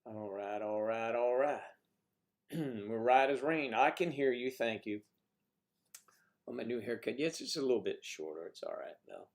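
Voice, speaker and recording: Speaking at a normal speed with lively intonation and a medium pitch, a man hosts a casual livestream chat with guests. He rambles, teases and jokes, talking into a computer mic.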